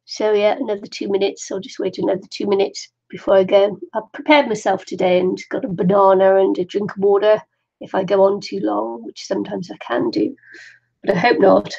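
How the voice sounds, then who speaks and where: Chatty woman, middle-aged, craft stream host, gravelly, muffled lo-fi sound. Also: mid-range voice, little pitch movement, brisk, darkish tone. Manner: chatty, laughs often, talks to herself. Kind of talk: chatty live stream while waiting for viewers. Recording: dull lo-fi live stream audio.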